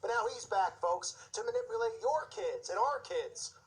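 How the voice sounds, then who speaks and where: A man's voice: high voice, normal speed, low-quality recording. Fired-up sarcastic man. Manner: fired-up, sarcastic, mocking impressions. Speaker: Christian commentator. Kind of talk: impassioned video commentary.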